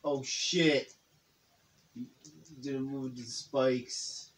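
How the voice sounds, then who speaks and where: A chatty young man co-hosts a let's play with his friend. He reacts fast and excitedly, tossing in casual remarks and curses as he watches the game. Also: medium pitch. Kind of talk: casual gaming commentary.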